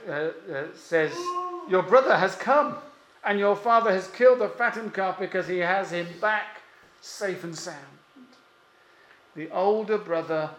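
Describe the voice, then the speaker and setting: A man preaching a sermon, emphatic and pausing often, with rhetorical questions. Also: sits high, a bit bright, slight background noise. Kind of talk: expository sermon. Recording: echoey room.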